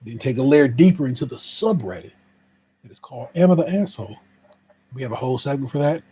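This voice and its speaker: A man's voice: medium pitch, expressive, fast talker, dark tone, slight background noise. A man co-hosting a podcast in casual chat, laid-back and slangy, often laughing and repeating words. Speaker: podcast co-host.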